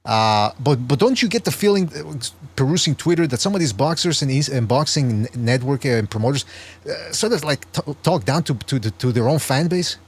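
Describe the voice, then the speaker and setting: A male podcast host with a voice of ordinary, mid-range pitch, talking through his arguments in casual chat. He stammers and restarts often as he works out his points, with an earnest, explaining tone. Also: lively intonation, fairly quick, husky.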